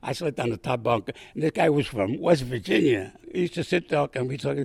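Gravelly older man telling war stories. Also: mid-range voice, brisk, dry recording, studio quality. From Puerto Rico. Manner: animated, chuckling, acts out others' lines. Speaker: war veteran guest. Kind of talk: casual storytelling.

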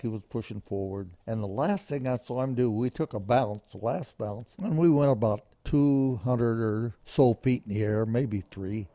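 An older man recounts his flying days in a folksy, vivid manner. His voice is warm and mellow. The sound is dry and close. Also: on the low side, no echo. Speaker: veteran pilot. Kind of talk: storytelling interview.

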